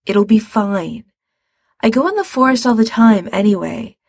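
A woman's voice: mid-range voice, lively intonation, moderate pace, gravelly, a little mellow, husky, no echo, clean studio sound, voice pushed up. Woman voicing a stubborn, protective young man. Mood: determined. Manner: firm, blunt.

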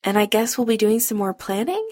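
Shy young man in love, a woman reader's light take; quiet murmur, dry close sound. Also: on the high side, animated, a little fast, dry recording. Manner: murmured, hushed.

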